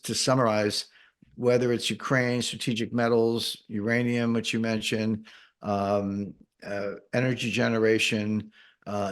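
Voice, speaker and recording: A man explaining economics in an interview, patient and methodical, with dry sarcastic asides. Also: on the low side. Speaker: guest economic commentator. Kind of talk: interview answers.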